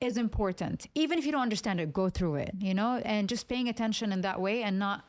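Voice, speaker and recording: A woman's voice: mid-range voice, racing. A woman entrepreneur being interviewed, chatting casually and acting out quoted voices as she tells stories. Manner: animated storyteller, acts out quotes. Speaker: entrepreneur guest.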